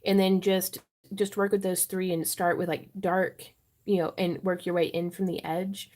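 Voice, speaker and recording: A woman demonstrates wire wrapping on a livestream from her home craft room, giggling and chatting casually with viewers as she teaches. Her voice sits on the low side with a darkish tone and little pitch movement, at a moderate pace.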